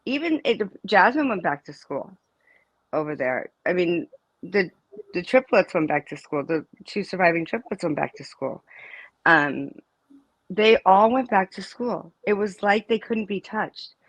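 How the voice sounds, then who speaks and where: A woman's voice: fairly low pitch, lively intonation, measured pace, breathy edge, no room sound, low-quality recording. Emphatic middle-aged woman, dry close sound. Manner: emphatic, storytelling, with many restarts. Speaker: interview guest, mother of a student. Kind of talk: casual interview conversation.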